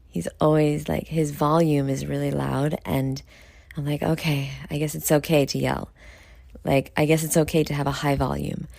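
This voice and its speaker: Tired woman host from New York, low gravelly voice, rambling and self-critical, casual vlog. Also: a little mellow, no room sound. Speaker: show host. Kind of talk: casual late-night vlog talk.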